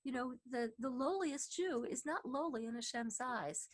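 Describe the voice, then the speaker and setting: A woman's voice: high-pitched, moderate pace. A woman teaching an online class over a video call, chatty and full of fillers and restarts.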